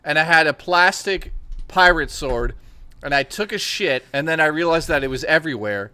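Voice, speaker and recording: Young male storyteller, bright voice, slightly raised pitch, dry close sound, crude and animated. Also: normal speed, clear, resonant tone, dry recording. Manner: crude, animated storytelling with lots of swearing and laughter. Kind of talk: casual chat.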